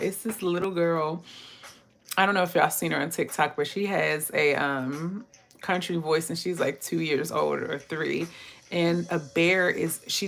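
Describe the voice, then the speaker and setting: A woman's voice: on the low side, creaky. A woman giving a casual tarot reading who talks straight to her viewers, chats freely and laughs often. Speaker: tarot reader.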